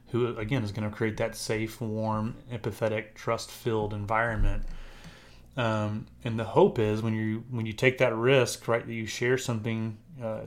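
Low, flat-voiced man explaining. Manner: earnest, explanatory, often adds "right?". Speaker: marriage counselor and podcast co-host. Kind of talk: casual podcast chat.

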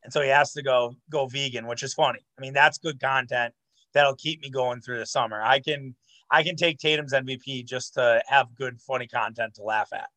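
A man's voice: medium pitch, steady tone, moderate pace, pushed and bright, low-quality recording. A man co-hosting a podcast in casual sports chat, talking loosely with lots of fillers and swearing. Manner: loose, profane, rambling with fillers. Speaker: podcast co-host.

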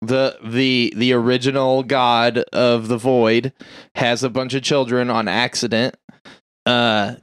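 A man casually recapping a movie plot on a podcast, acting out the characters' lines in quick bursts. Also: mid-range voice, little pitch movement, clean tone, dry recording, clean studio sound. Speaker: podcast co-host.

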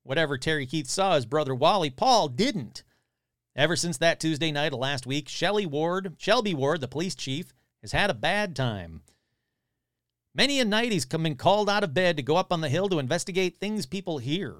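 A man's voice: fairly high pitch, expressive, normal speed, a bit bright, no echo, clean studio sound. A man hosting a podcast, casually reading a newspaper article aloud and breaking off with wry, grumbling asides. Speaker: podcast host.

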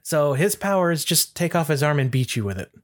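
A man co-hosting a casual talk, going through a movie in a laid-back way and often pausing with "uh.". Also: on the high side, expressive. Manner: laid-back, fills pauses with uh. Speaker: podcast co-host.

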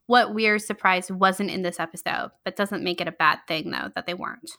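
Bright-voiced upbeat woman. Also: lowish voice, brisk, creaky. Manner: upbeat, many ums and likes. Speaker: podcast co-host. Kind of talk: casual chat.

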